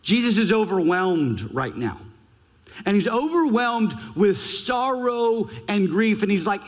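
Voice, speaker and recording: A male pastor delivers a sermon in a high voice, unhurried and deliberate. He leans hard into emphasis, then sinks to a near-hush when reading scripture. His voice carries the long reverb of a large church hall. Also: lively intonation. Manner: emphatic, varies pitch and pace widely, drops to a hush for scripture.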